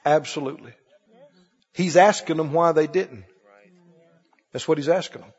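A man's voice: a little high, moderate pace, breathy edge, in a large hall, highs cut off. A man preaching a sermon, firing repeated questions at his congregation. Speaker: pastor.

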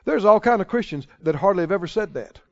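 A man's voice: high-pitched, expressive, quick pace, gravelly. A man preaching a sermon, stretching out his key phrases for emphasis and chuckling now and then. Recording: dull lo-fi sound.

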